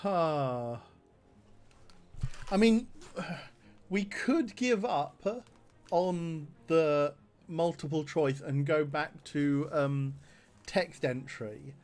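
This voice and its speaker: A man's voice: a little high, drawn-out words, pauses often, darkish tone. A man streaming a text adventure game, reading the options aloud and laughing often.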